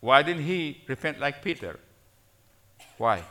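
A male preacher delivers a sermon in a church, his tone bright and forceful. He repeats key phrases for emphasis and keeps asking the congregation "okay?". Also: fairly high pitch, lively intonation, slow pace.

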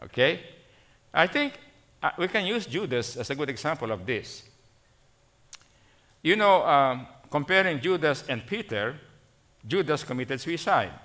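A man's voice: on the high side, sing-song, measured pace, pauses often, pushed and bright. A man preaching a sermon, repeating phrases for emphasis and checking in with "okay?".

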